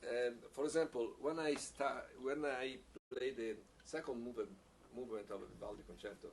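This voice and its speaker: A man teaching a piccolo masterclass, speaking haltingly, repeating words and using non-native phrasing, with frequent small laughs. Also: mid-range voice, steady tone. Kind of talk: masterclass teaching, answering questions. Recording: distant mic with faint background hiss.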